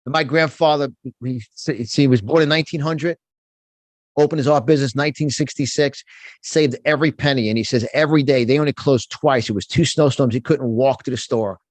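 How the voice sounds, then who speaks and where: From his home studio, a motivational speaker appears as a guest in an interview, talking brisk and fired-up with emphatic repetition of words. His voice is mid-range, and the sound has no echo.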